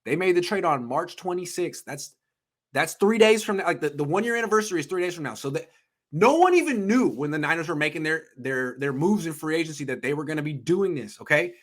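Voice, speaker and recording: A sports podcast host, a man in his thirties with a voice pitched a little higher than most men's, rants through a heated sports debate. He's animated and fairly quick, firing off profane, emphatic bursts and pushing every point hard.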